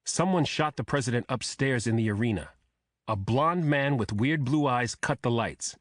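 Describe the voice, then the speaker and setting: A man's voice: medium pitch, moderate pace, dry recording, natural voice. Man reading a commanding woman detective chief, firm, slightly raised voice, dry sound.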